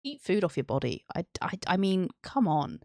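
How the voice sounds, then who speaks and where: A woman's voice: on the low side, sing-song, moderate pace, creaky, darkish tone, slight background noise. A woman hosting a casual history stream, rambling, teasing and giggling often.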